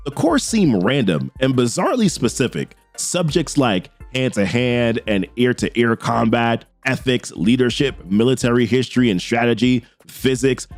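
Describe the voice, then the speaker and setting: A man casually retelling a comic book story, reading characters' quotes with his own asides. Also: medium pitch. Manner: animated retelling, reads quotes with little asides. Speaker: comic book recap narrator.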